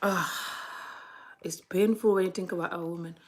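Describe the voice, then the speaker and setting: A woman's voice: on the low side, fairly even intonation, normal speed. A middle-aged woman from Gambia vlogging in an earnest, impassioned monologue, often restarting and repeating herself. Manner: earnest, frequent restarts and repetition.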